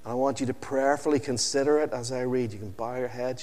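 A man preaching an evening sermon, slow and emphatic, with dramatic pauses and phrases that sink low and quiet at the end. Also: steady tone, long reverb tail.

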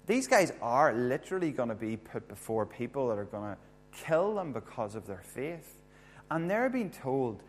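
A man's voice: medium pitch, darkish tone, slight background noise. A man preaching a sermon, talking in a conversational way and putting questions to his listeners. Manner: conversational, asks the audience questions. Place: church hall with a screen.

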